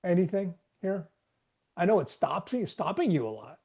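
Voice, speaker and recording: Rambling man with a mellow voice. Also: high-pitched, very animated, moderate pace, gravelly, slightly rough. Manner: rambling, self-questioning, acts out inner dialogue. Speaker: webinar participant. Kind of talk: casual group discussion.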